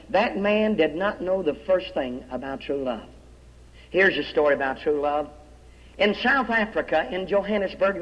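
A man with a high voice preaches revival, telling stories with drama and sinking quiet on the words he wants to land. The sound is dull and lo-fi. A long church-hall echo trails his lines. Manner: dramatic storytelling, drops low and soft on key words, quotes old-style scripture. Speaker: evangelist preacher. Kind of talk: revival sermon with storytelling.

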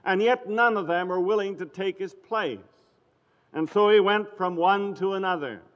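A high-voiced man preaches, recounting a scripture story at a measured pace and quoting old-fashioned scriptural wording. The recording sounds dull and lo-fi, with a long hall reverb trailing behind him.

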